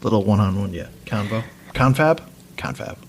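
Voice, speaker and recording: A man's voice: on the low side, lively intonation, a little fast. A man co-hosting a podcast, reacting to a true-crime story with dry, sarcastic quips in casual banter. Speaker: podcast co-host.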